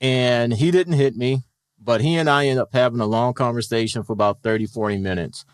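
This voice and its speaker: A man's voice: mid-range voice, fairly quick, clean tone, dry recording, clean studio sound. A middle-aged man, a retired police officer, telling stories in a casual interview and acting out the voices in them. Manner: animated storyteller who acts out quoted dialogue.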